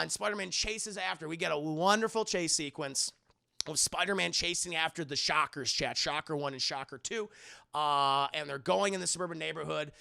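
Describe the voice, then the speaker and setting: A man streaming a casual, animated film recap, swearing often and acting out scenes in voices. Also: on the high side, vocal fry.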